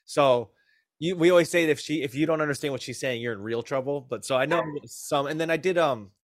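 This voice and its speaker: Relaxed podcast co-host. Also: male voice, fairly high pitch, fast. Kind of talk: casual chat.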